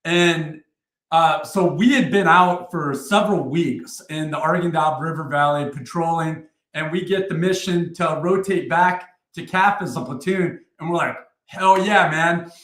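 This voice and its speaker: A man in his forties tells war stories as a guest, profane and animated, with a voice pitched a touch higher than most men. He sounds a bit roomy, with echo hanging around his words. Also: normal speed. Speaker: podcast guest, retired army first sergeant. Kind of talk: casual war storytelling.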